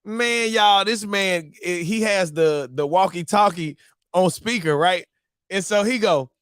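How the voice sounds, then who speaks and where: A married man hosting a live-streamed morning show, telling a story to his viewers in a casual, animated, slang-filled way. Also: high-pitched, normal speed, no echo, clean studio sound. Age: adult, married.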